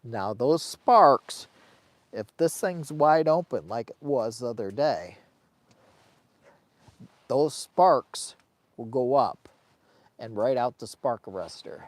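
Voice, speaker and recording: A man's voice: mid-range voice, lively intonation, takes it slowly, pauses often, dry recording. A middle-aged man, a camping vlogger, talking casually and emotionally from inside a heated tent on a cold, windy day. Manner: rambling, colloquial, emotional. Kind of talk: casual livestream chat.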